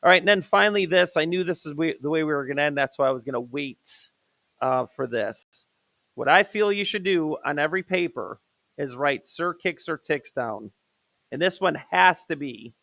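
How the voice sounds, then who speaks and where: A man's voice: fairly high pitch, lively intonation, moderate pace, creaky, a bit bright, no room sound. A male math teacher lecturing a live class, counting steps aloud, quizzing students and correcting himself on the fly.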